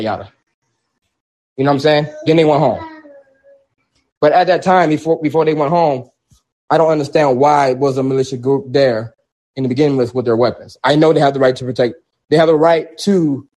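A man's voice: on the high side, a little mellow. A man telling an emphatic personal story in a discussion, repeating himself in casual street speech. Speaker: protest organizer.

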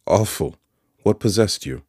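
A man voicing a kindly, simple-spoken village blacksmith in an audiobook, with earnest, gentle country speech. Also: rumbling low, normal speed, dry recording, studio quality. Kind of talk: audiobook character voice.

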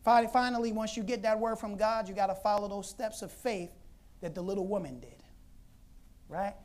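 A woman preacher telling a Bible story in an animated, conversational sermon, laughing often. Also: mid-range voice, normal speed.

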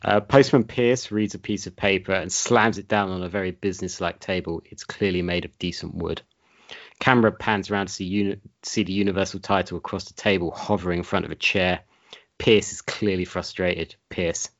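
A man with a very low voice reads a comedy script aloud in a deadpan, narrating way. He co-hosts the show. It is a dull, lo-fi recording. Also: fairly quick. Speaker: podcast co-host reading a script.

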